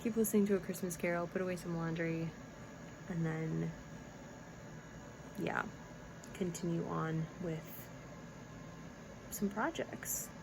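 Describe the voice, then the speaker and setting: A woman's voice: mid-range voice, creaky, a little mellow, poor audio. A woman vlogging casually about knitting, rambling and giggly, often breaking off mid-sentence. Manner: rambling, giggly, self-interrupting. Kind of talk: casual chatty vlog.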